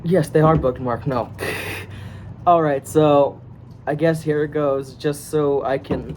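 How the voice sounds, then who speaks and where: A young man from the United States chats in a relaxed, joking way, laughing often and stumbling over his own sentences. His voice sits a bit high for a man, and faint room noise sits under it. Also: slow pace. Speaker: co-host of a script reading video. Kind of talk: casual banter.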